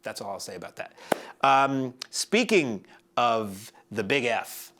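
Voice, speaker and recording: A man's voice: mid-range voice, very animated, slow, a bit bright. Chatty, digressive man in his forties. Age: 40s. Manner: chatty, digressive, wry asides. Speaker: film review show host. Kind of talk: casual spoken movie review.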